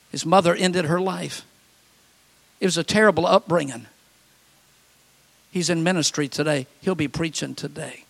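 High-voiced pastor preaching a sermon. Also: male voice, vocal fry, a bit bright. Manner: storytelling with acted quotes and dramatic pauses.

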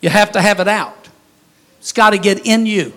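A man preaching a sermon as pastor, folksy and humorous, breaking into sudden loud shouts. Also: high voice, normal speed.

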